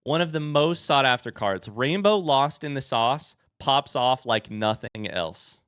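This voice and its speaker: A young man live-streaming as he opens card packs and chats with viewers, turning excitable and hyping each reveal. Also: measured pace, clear, resonant tone, dry recording, clean studio sound. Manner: excitable, bursts into high shouts; hype commentary.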